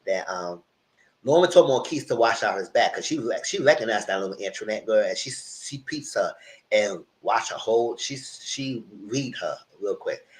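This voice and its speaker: A man casually recapping TV episodes in a live review, retelling scenes with lively acted-out lines from the characters. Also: lowish voice, moderate pace. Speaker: TV show reviewer.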